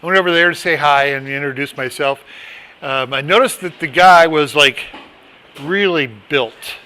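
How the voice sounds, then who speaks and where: Bright-voiced man leading a chatty Bible study. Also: fairly high pitch, normal speed. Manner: chatty, rambling, with asides and restarts. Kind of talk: casual Bible study teaching.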